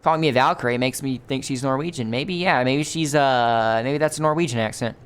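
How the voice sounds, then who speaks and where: A man's voice: medium pitch, fairly quick, clear, resonant tone. Wry man narrating his gameplay. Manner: wry, musing aloud, joking. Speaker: gaming channel host. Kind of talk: let's play commentary.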